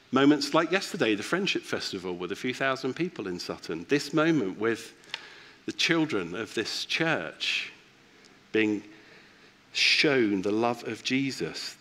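A man's voice: medium pitch, fairly bright tone. A man giving a reflective, personal sermon as a church pastor.

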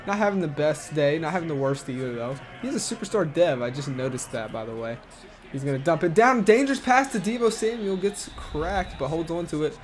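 A man hosting a gaming channel, giving casual play-by-play commentary over a football video game, talking quickly with fillers and restarts. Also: a little high, expressive. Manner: quick play-by-play with filler words and self-corrections.

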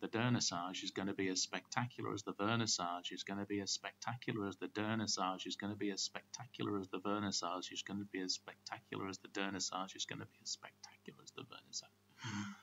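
A man voicing God, a crude commanding deity, in a quickening repetitive chant that drops to a whisper. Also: medium pitch, gravelly, a bit bright, voice pushed up. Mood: goading. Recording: dull lo-fi recording with faint hum.

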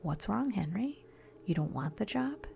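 A woman's voice: mid-range voice, very animated, unhurried, gravelly, darkish tone, full character voice. A woman voicing an eccentric, enthusiastic male agency boss in a whispered role-play. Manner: enthusiastic, briefly menacing.

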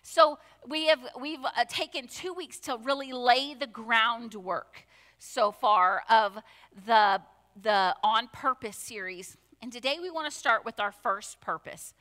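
Bright-voiced woman preaching in a church hall. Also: a little high, a little slow. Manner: conversational preaching with asides and rhetorical questions. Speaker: pastor. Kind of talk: sermon. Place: church sanctuary.

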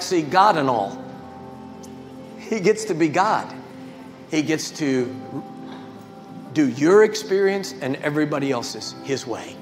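An older man preaching a sermon as a guest speaker, telling stories with emphatic swings in pitch and volume. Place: large church sanctuary. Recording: reverberant church hall with faint music.

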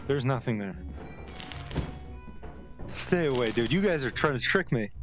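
A man's voice: medium pitch, animated, a little slow. Young man shrieking and swearing over game music. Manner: panicky screaming and swearing, trash-talking teammates. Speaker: gaming video creator. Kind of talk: casual gaming banter.

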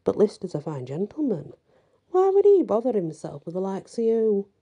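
A woman reading as a rough-spoken male prisoner priest. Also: medium pitch, wildly swooping pitch, moderate pace, mellow, lo-fi sound, voice pushed up, heavily acted. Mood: suspicious.

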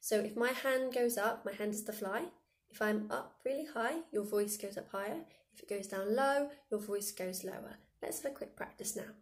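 Playful woman teaching a vocal warm-up. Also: mid-range voice, moderate pace. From England. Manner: playful, demonstrates silly noises and sound effects. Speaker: school music teacher. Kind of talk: online vocal warm-up lesson for children.

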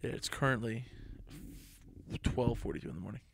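Tipsy, fast-talking young podcast host. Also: male voice, medium pitch, gravelly, slight background noise. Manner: easygoing, tipsy, rambling. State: drunk. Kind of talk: late-night casual podcast banter.

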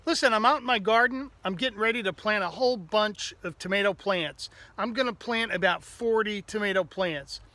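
A cheerful pastor greets his family from his garden, talking in a chatty, casual way. His voice sits high and bright. The sound is dry and close, with nothing of a room around it. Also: normal speed, few pauses, no echo.

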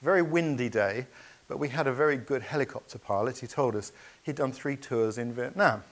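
A man's voice: medium pitch, a little fast. A man telling adventure anecdotes in a keynote talk, earnest and anecdotal, with hesitations and restarts. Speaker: speaker.

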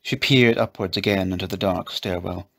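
A man reading a children's story aloud, in a gentle, measured storybook narration. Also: deep voice. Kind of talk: scripted narration.

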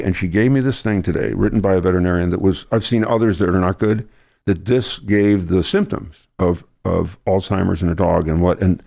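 A man's voice: low-pitched, a little fast, vocal fry, warm tone. A man, a veteran radio broadcaster, guesting on a podcast, telling rambling emotional stories in casual conversation.

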